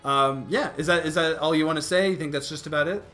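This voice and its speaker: A young man hosting a casual chat, animated, tripping over restarts and laughing between points. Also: a little high, quick pace, soft background music. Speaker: youtube host.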